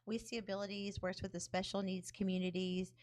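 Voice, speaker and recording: A woman's voice: medium pitch, little pitch movement, brisk, a little mellow. A woman guest on a podcast, talking up an event in upbeat casual chat with many fillers. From United States.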